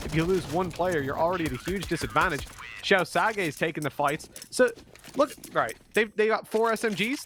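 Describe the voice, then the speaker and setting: Irish esports caster, higher-pitched. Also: male voice, slight background noise. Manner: animated, jokey, opinionated. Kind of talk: play-by-play commentary and banter.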